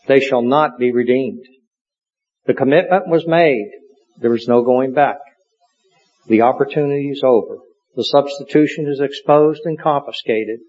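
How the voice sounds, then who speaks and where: Male preacher, mid-pitched, measured and earnest, slightly muffled audio. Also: a little mellow. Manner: measured, earnest storytelling delivery. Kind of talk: sermon. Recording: dull lo-fi recording.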